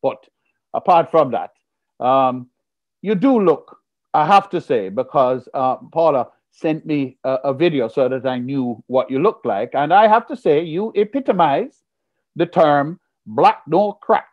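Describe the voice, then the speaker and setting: A Jamaican man from Jamaica performing stand-up comedy over a video call, playful and punning, telling stories with lively delivery. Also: mid-range voice, measured pace, dull audio. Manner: playful, punning, animated storytelling.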